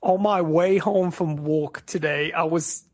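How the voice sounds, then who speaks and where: A man's voice: on the high side, steady tone, a little slow. A man with a Southern US accent, a podcast co-host chatting casually.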